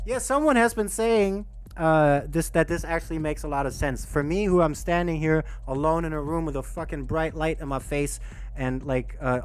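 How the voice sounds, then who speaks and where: A man's fairly high voice moves at normal speed, with soft music in the background. Alone in a brightly lit room, this DJ hosts a casual livestream rhythm workshop, animated and self-mocking and swearing often.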